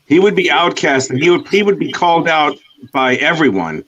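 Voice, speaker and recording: A man's voice: a little high, sing-song, moderate pace, fairly bright tone, lo-fi sound. A man chatting casually on a stream, joking and laughing a lot. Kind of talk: casual chat.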